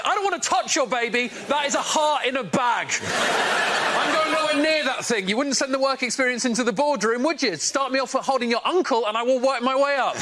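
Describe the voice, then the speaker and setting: A man's voice: high voice, fairly quick, heavy background noise. A man on a comedy panel delivering a rambling, self-deprecating monologue. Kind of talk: stand-up monologue. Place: TV studio before a live audience.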